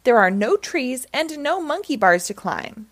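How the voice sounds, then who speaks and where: Little cartoon monkey, shivery and plaintive, read by a woman; high and lively. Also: measured pace. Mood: shivering. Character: small cold shivering cartoon monkey boy.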